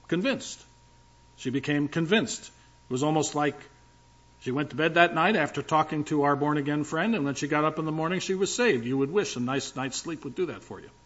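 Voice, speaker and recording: A man's voice: fairly high pitch, fairly bright tone, muffled recording. Older man preaching a conversational sermon. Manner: conversational, emphatic preaching with asides. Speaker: pastor.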